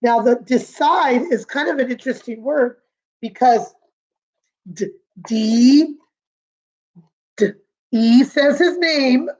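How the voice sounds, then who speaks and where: A woman teaching a remote lesson to young children, patient and sing-song, repeating words slowly. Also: sits high, a little mellow, low-quality recording. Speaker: kindergarten teacher.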